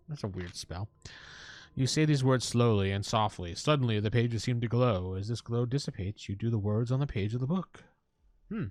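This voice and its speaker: A man's voice: medium pitch, dry recording. A man hosting a let's play, reading the game text aloud with playful, jokey asides. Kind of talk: casual gameplay commentary reading the text aloud.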